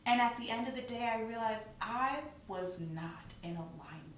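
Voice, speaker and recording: Animated woman telling a faith story. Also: fairly high pitch, normal speed, very echoey, recorded from a distance, slight background noise. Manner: animated storyteller, laughing and acting out quotes. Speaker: guest. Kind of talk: testimony in casual chat.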